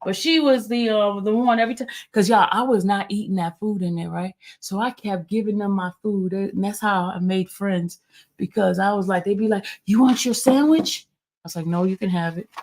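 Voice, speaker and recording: A woman's voice: mid-range voice, fairly even intonation, normal speed, a little mellow. Chatty woman telling a long story. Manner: rambling, chatty, lots of fillers and restarts, addresses viewers as y'all. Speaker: YouTube host. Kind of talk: casual storytelling to viewers.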